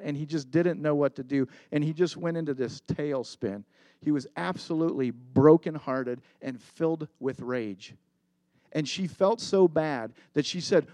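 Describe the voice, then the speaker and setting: A man's voice: fairly high pitch, a little mellow, dry recording. A middle-aged man preaching a sermon as pastor, earnest and confessional, telling a story with emphatic repetition.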